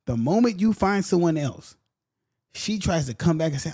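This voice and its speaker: A man hosting a podcast in casual, blunt commentary. He repeats his points and briefly mocks other people in quick voices. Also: a little high, expressive, warm tone. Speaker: podcast host.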